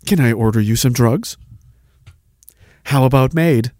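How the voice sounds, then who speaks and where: A man voicing a cold, sinister home smart-speaker machine, talking flat, slow and menacing. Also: mid-range voice, dry recording, voice pushed down, close to an everyday voice.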